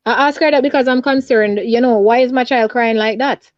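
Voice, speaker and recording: A woman's voice: fairly high pitch, fairly quick, no room sound. A Jamaican woman calling in by phone, recounting events in an urgent, repetitive way. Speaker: caller. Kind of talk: distressed phone interview. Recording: dull lo-fi phone line.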